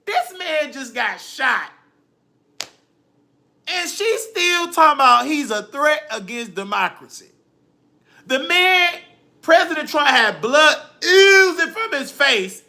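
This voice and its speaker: A man ranting on a livestream in a dramatic, preachy way. He cries freely and quotes scripture. His voice is gravelly yet bright and sharp. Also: extremely high pitch, sing-song, takes it slowly, long pauses. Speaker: livestream host. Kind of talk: emotional livestream rant.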